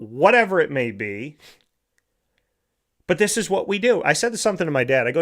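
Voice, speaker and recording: A man's voice: fairly high pitch, sing-song, normal speed, pauses often, sharp tone. Man lecturing with rhetorical questions. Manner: lecturing with rhetorical questions, often asks "right?". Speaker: host. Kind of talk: motivational monologue.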